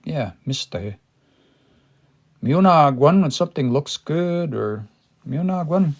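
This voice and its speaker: Gravelly man thinking aloud in a casual lesson. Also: fairly high pitch, animated, slow pace. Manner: thinks aloud with many fillers and restarts; sounds out words syllable by syllable. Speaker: Cree language teacher. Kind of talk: casual livestream language lesson.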